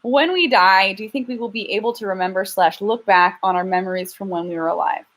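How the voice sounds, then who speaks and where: A woman's voice: mid-range voice, fast, fairly bright tone. A young woman talking casually on a home live stream, answering viewers one after another. She is frank and a little self-deprecating, with plenty of restarts and trailing thoughts. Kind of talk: casual live-stream chat reading super chats. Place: home, lives in LA.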